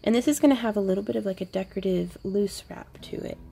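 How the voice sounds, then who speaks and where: A woman hosting a wire-wrapping jewelry tutorial, thinking aloud casually as she works, with playful little sound effects and soft asides. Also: mid-range voice, quick pace, gravelly, breathy edge. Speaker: jewelry-making tutorial host. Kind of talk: casual crafting tutorial narration.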